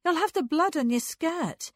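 A woman's voice: fairly high pitch, animated, a little mellow, slightly rough, no room sound, studio quality, pitched above the performer's own voice. Woman reading a subdued, aloof young woman. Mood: sharp. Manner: measured, subdued. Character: reserved, aloof young woman, quietly sad.

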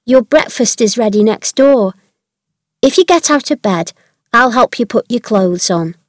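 A cheerful, chatty young servant girl, as a woman reader puts her on, talking in a higher, louder and brighter voice than the narration. She sounds brisk and kind, like a friendly maid in a storybook. The recording is dry and close. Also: animated, dry recording.

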